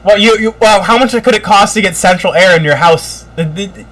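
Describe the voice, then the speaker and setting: A US man co-hosts a podcast, his high voice running a little fast as he rants casually, swearing heavily and putting on mocking voices to quote people. The audio is poor.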